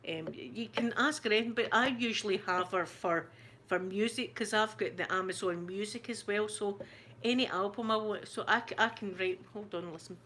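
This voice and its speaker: A woman's voice: medium pitch, normal speed, pushed and bright. Chatty Scottish woman rambling to viewers. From Scotland. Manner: chatty and rambling, laughs often, broad Scottish words. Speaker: ASMR channel host. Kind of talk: casual live-stream chat.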